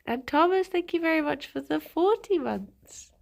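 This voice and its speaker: Woman streamer, stuffy nose from a cold, slightly high voice, gravelly fry. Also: expressive, moderate pace, a little hiss or hum. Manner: reads out chat messages and laughs often. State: congested, bunged up with a cold. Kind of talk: casual live-stream chat.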